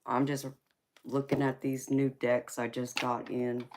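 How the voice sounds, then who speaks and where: A woman with a heavy Southern US drawl and a strikingly deep voice chats casually on her tarot live stream. She sounds folksy and easygoing and keeps calling her viewers sweetheart and honey. There is a faint hiss behind her. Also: little pitch movement, a little slow. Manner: folksy, calls listeners baby, sweetheart and honey.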